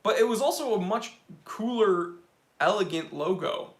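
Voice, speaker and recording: Excitable guy on a watch livestream reading chat, high sharp voice, echoey room. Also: moderate pace. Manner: excitable, joking, talks to chat as bro. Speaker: watch channel host. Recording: roomy echo.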